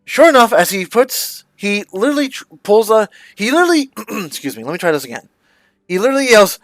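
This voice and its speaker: Rambling game master, dry close mic. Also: male voice, high voice, expressive, normal speed, no echo. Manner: rambling, self-correcting narration with laughs. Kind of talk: narrating a tabletop game live. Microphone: streaming microphone.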